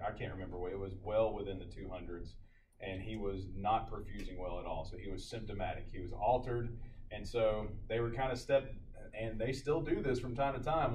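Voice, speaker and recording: A man teaching a paramedic class, telling a lively story and then lecturing, recorded from across the room. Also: fairly low pitch. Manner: animated storyteller, acts out loud shouted quotes. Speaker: paramedic instructor. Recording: echoey classroom from a distant mic, faint room noise.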